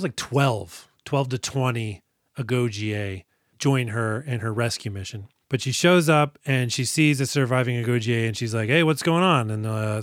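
A male podcast co-host recaps a movie in an animated, joking way and swears freely. His voice sits mid-range. The recording is dry and close. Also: mid-range voice, dry recording. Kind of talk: casual movie review chat.

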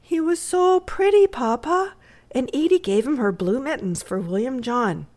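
A woman doing an excitable little girl. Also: fairly high pitch, a little slow, voice pushed up, full character voice. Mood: eager. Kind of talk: readers' theatre reading.

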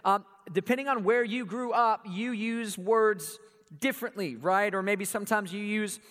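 A man's voice: high voice, normal speed, fairly bright tone, long reverb tail. A man with a Southern US accent from Atlanta, giving a playful, joking church talk and quizzing his congregation. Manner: playful, jokey, keeps quizzing the audience. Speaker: church speaker. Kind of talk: casual sermon talk to a congregation.

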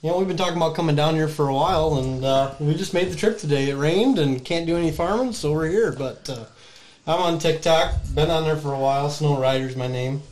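A man's voice: on the high side, a little fast, a little mellow, rough recording. A man from Michigan who farms, a podcast guest chatting casually in a friendly, agreeable way. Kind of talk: casual chat.

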